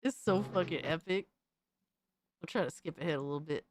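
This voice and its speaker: A young adult woman streamer doing profane, excitable reaction commentary, often shrieking in disbelief. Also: sits low, brisk, dry recording.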